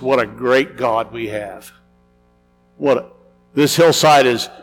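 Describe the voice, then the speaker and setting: A man preaches in a church sanctuary, his fairly high voice trailing off into a long reverb. He reads scripture earnestly, easing down and going quiet on the solemn lines. Soft instrumental music plays faintly behind him. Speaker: pastor. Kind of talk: sermon with scripture reading.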